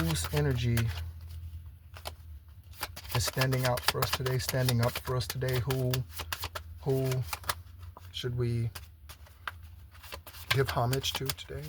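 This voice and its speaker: A man's voice: medium pitch, heavy background noise. A man giving a spiritual tarot reading in a chatty way, often checking in with "okay?". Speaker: tarot reader. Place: home in Southern Arizona.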